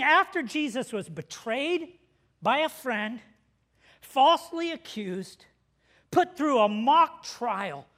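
A middle-aged man preaching a sermon as pastor, telling a story with laughs and shouted quotes. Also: extremely high pitch.

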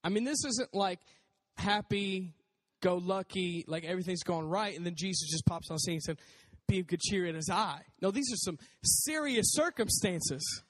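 Male preacher, high-pitched and conversational; casual sermon in a reverberant hall. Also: normal speed. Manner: conversational, animated, acts out voices.

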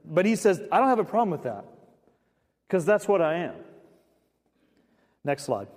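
A man delivers a sermon in a relaxed, chatty way, full of fillers and sudden lifts in energy. His voice sits a little high for a man. The sound carries the long reverb of a large church hall. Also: normal speed. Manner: conversational, animated, many fillers. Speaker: pastor.

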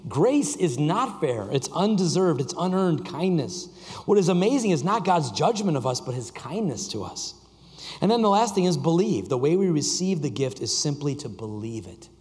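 A man preaching a sermon to a congregation, reading scripture and joking with the room, shifting from loud emphasis to quiet intensity. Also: a little high. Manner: reads scripture aloud and jokes with the congregation. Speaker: pastor. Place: church sanctuary. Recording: long reverb of a large hall.

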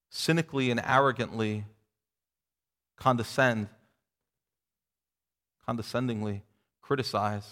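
A middle-aged man preaching a sermon, reading scripture aloud and voicing its speakers with lifted pitch. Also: fairly bright tone. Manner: expository preaching, acting out quoted voices with a rising pitch. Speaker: pastor. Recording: long reverb of a large hall.

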